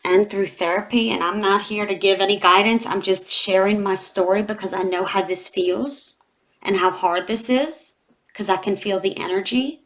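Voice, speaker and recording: Talking to camera in a heartfelt, confiding way, a tarot reader in her forties is emotional and close to tears, dropping in many "you know" fillers. Her medium-pitched voice is a bit bright, with fairly even intonation and normal speed, in this emotional tarot reading vlog.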